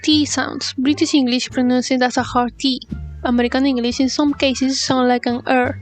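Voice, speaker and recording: High-voiced woman teaching English. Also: flat delivery, normal speed, soft background music. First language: Spanish. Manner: reads out paired example sentences carefully. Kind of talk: scripted lesson narration.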